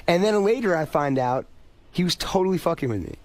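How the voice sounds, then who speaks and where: Here is a man with a voice a little higher than most. He rambles through a long story as a guest, swearing freely. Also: animated, a little fast, no room sound. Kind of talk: animated anecdote telling.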